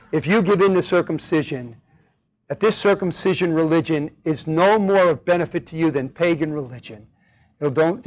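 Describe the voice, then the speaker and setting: Guy preaching a sermon, slightly high voice, punchy and emphatic, asks lots of questions, dull old recording.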